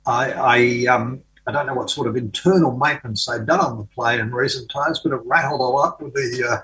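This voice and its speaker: An older man, a writer being interviewed, recounting an anecdote in a relaxed, conversational way with frequent ums and restarts. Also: mid-range voice, brisk, rough recording. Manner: hesitant, many fillers and restarts. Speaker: author guest. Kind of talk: conversational storytelling.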